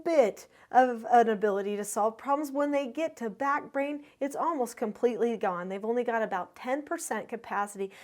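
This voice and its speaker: A middle-aged woman, a parenting educator, giving clear, explanatory teaching to parents and telling stories to make her points. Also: on the high side, moderate pace, hardly any pauses, darkish tone. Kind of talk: instructional talk to parents.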